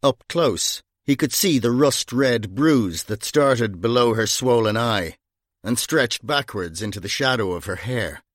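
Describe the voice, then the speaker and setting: A male narrator reading a story aloud, measured and wry. His pitch moves a lot, and the close, dry recording has no room sound at all. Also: animated, no echo. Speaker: audiobook narrator. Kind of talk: scripted narration.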